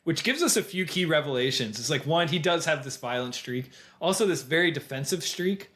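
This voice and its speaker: A man co-hosting a film podcast, retelling scenes in an animated way and slipping into quoted voices. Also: a little high, fairly quick. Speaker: podcast co-host. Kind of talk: casual film discussion.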